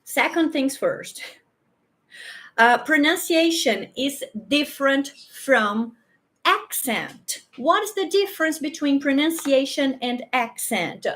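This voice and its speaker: A woman's voice: sits high, very animated, fairly bright tone. A woman from Brazil with a Brazilian Portuguese accent, a native Portuguese speaker, giving a chatty online English pronunciation lesson and often checking in with "okay?". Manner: chatty, slow and repetitive, frequent "okay?" checks. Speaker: English teacher. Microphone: handheld or clip microphone, sometimes moved away.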